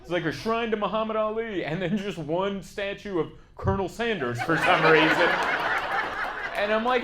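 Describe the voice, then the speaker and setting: Self-mocking stand-up comedian, animated. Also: male voice, sits high, measured pace, pauses often. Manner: chatty, self-mocking, jumps into shouted bits. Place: comedy club stage. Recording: live club audience noise.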